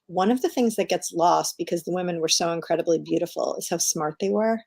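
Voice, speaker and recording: A middle-aged woman, a guest author, chatting enthusiastically over a video call about her work and telling lively stories. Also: on the low side, quick pace, creaky. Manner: enthusiastic, animated storyteller. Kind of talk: casual interview chat.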